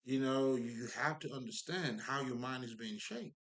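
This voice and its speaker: A man's voice: medium pitch, moderate pace, a bit bright. A man giving a casual spiritual monologue, emphatic and profane, rambling with many fillers and asides to his listeners. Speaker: spiritual talker.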